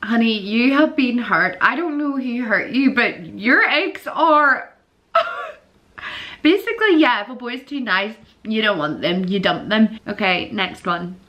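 A young woman chatting casually in a vlog, giggly and animated, breaking into squeals and disgusted groans. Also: fairly high pitch, unhurried, lo-fi sound. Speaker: vlogger.

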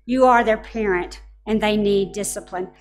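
A woman's voice: mid-range voice, moderate pace, soft background music. A middle-aged woman pastor preaching a sermon in a church, telling stories and speaking earnestly and directly to parents.

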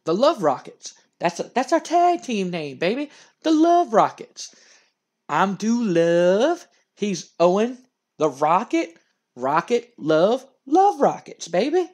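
A man's voice: high voice, big pitch swings, a little mellow, heavily acted. A man voicing a flamboyant, cocky male hippie wrestler who croons and drags out his words. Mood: boastful. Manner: drawn-out, crooning "baby" at line ends. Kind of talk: game narration role-play.

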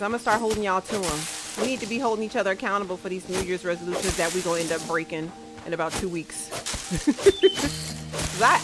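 A female gaming streamer with a mid-range voice, captured in a rough recording, laughs a lot and talks directly to her viewers. Her commentary on the gameplay is casual.

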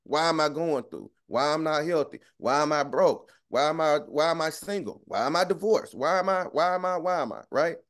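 A young man preaching a relaxed, slangy sermon, often laughing and checking in with his listeners. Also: fairly high pitch, normal speed, few pauses. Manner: conversational, keeps asking "right?". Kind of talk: casual street-talk sermon.

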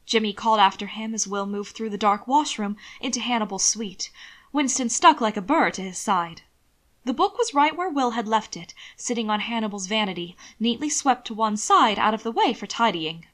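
Woman, story reader, calm measured narration, medium pitch. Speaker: audiobook reader. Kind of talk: reading fan fiction aloud.

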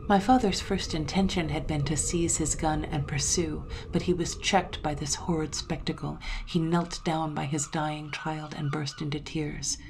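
A woman reading a gothic tale aloud in a measured, dramatic way, dropping to a hush at moments. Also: low voice, fairly even intonation, gravelly, background noise. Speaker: storyteller. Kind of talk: scripted narration of a gothic tale.

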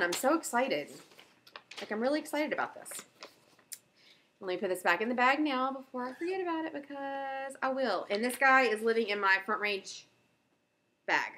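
A woman's voice: on the high side, fairly bright tone, a little hiss or hum. Chatty woman showing off her knitting. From Southern US. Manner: chatty, with fillers, bubbly and enthusiastic. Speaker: knitting podcast host. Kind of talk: casual show-and-tell chat.

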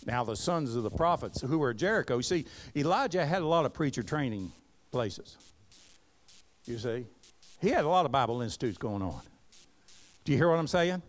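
A pastor preaches in a live church service recording, reading scripture aloud, asking the congregation to repeat words and breaking off into folksy, Southern-flavored asides. His medium-pitched voice moves fairly quickly, with long pauses, in an animated delivery.

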